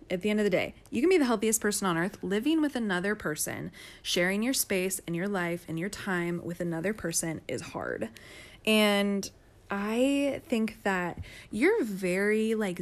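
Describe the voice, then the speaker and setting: A woman's voice: medium pitch, lively intonation, measured pace. A woman in a casual couple's chat, chatty and candid, often laughing as she talks. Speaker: podcast co-host.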